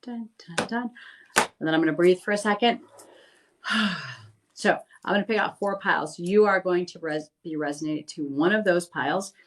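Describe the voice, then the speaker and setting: Doing live readings on a phone livestream, a middle-aged medium reads out viewer comments and reassures the people who wrote them in a relaxed, chatty way. She speaks at a normal pace in a lowish voice, captured on a rough recording.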